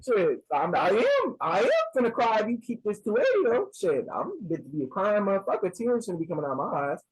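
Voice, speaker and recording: Husky, animated young man telling a story. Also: high voice, quick pace, poor audio. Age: young adult. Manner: animated, slangy, acts out both sides of the call. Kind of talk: casual storytime.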